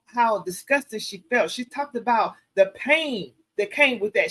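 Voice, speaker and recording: A woman hosting a casual livestream Q&A, telling stories in an animated, preachy way and calling her viewers y'all. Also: a little high. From American South. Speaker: show host.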